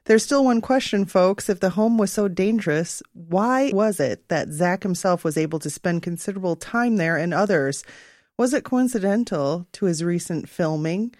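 A woman's voice: on the low side, animated, moderate pace, a little mellow, no echo, clean studio sound. A woman co-hosting a casual chat, reading news aloud in a plain, matter-of-fact way with some teasing. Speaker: podcast co-host.

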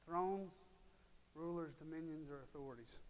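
A man's voice: fairly high pitch, moderate pace. A man preaching a sermon in a church, emphatic and direct with the congregation, repeating words for stress. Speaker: pastor. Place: church sanctuary. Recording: long hall reverb.

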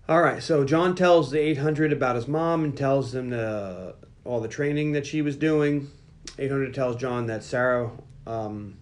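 A man hosting a podcast, casually recapping a film scene by scene and acting out the dialogue in quick voices, laughing often. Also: mid-range voice.

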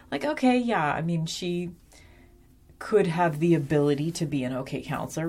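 A woman's voice: sits low, darkish tone, a little hiss or hum. A woman recapping a TV episode in a chatty, casual way, full of ums and wry asides. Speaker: episode reviewer.

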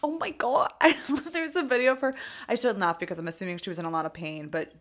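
A chatty woman co-hosting a relaxed podcast conversation. She giggles often and slips into little acted-out quotes, with a pitch that sits in the middle for a woman. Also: fast talker. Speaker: podcast co-host. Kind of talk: casual chat.

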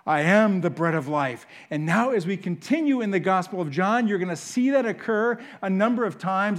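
A man preaching a sermon, swinging between loud emphatic bursts and hushed, intimate asides. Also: high-pitched, normal speed. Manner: animated, rises loud for emphasis then drops to hushed. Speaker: pastor. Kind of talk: sermon teaching.

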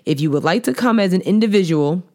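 Low-voiced woman in slangy banter. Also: fast talker. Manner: animated, laughing, slangy banter. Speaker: podcast co-host. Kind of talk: casual chat.

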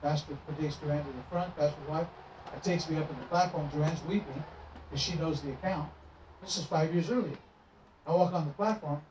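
A middle-aged man, a traveling minister, telling stories in a sermon and acting out the dialogue. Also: on the high side. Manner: animated storytelling, acting out dialogue. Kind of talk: sermon storytelling. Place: church sanctuary. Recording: roomy, distant, muffled with noise.

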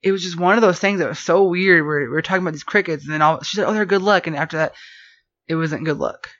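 A woman telling a rambling story in casual podcast chat, animated and full of fillers. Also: lowish voice, quick pace. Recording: dull lo-fi podcast audio.

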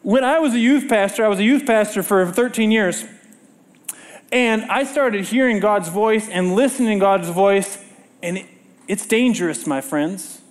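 A middle-aged man delivers a sermon from a church stage in a strikingly high voice. He tells stories with animation and keeps turning to the congregation with rhetorical questions. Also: moderate pace. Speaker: preacher.

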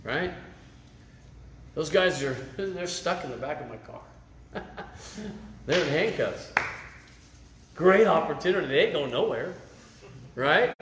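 A man's voice: a little high, fairly bright tone, roomy sound. A middle-aged man preaching a sermon at a camp meeting, telling personal stories in a conversational way and often asking "right?". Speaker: lay preacher.

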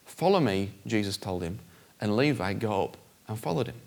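Animated male preacher with a lively voice. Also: normal speed, creaky. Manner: animated, conversational, acts out voices with big pitch jumps. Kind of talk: sermon.

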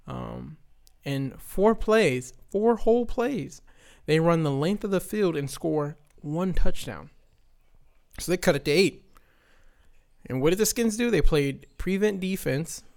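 A man in his twenties hosts a casual podcast and retells a game in a long, exasperated rant. His voice sits a little high for a man, and he keeps tagging his sentences with "right?" as he talks. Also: gravelly. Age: 20s. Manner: exasperated storytelling with many "right?" tags. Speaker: podcast host.

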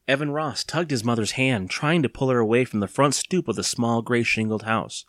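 A man reading a children's horror novel aloud, with casual asides and fillers before steady narration. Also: mid-range voice, normal speed, no echo, studio quality. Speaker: reader.

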